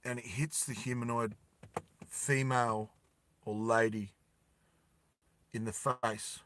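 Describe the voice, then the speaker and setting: Slow, bright-voiced male storyteller. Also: medium pitch, fairly even intonation. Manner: slow deliberate with emphatic repeats. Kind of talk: dramatic storytime narration.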